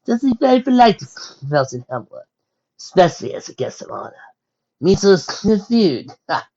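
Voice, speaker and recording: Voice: medium pitch, expressive, normal speed, muffled recording, pitched above the performer's own voice, close to an everyday voice. A reader playing a hearty motherly mare ruler. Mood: amused. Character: warm motherly female horse ruler.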